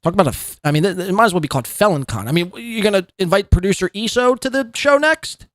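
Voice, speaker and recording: A man's voice: sits high, lively intonation, quick pace, no echo. A man hosting a podcast, giving sarcastic, mocking commentary on clips and swearing freely. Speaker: podcast host.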